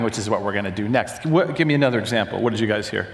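A man's voice: fairly low pitch, expressive, very fast, few pauses. A man leading an interactive church teaching session, questioning the audience, repeating their answers and leading prayer. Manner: conversational, asks the room questions, repeats answers back. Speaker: church workshop leader. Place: large hall with audience and box seats. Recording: echoey hall.

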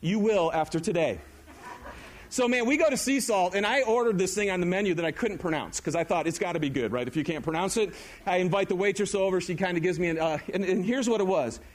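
A middle-aged male pastor preaching an animated, conversational sermon and asking the audience questions. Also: high voice, quick pace.

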